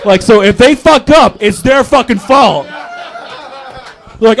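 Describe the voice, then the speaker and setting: High-voiced crude stand-up comic. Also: male voice, expressive, slow, fairly bright tone. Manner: crude, rambling, mocking. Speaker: stand-up comedian. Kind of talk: open mic stand-up set.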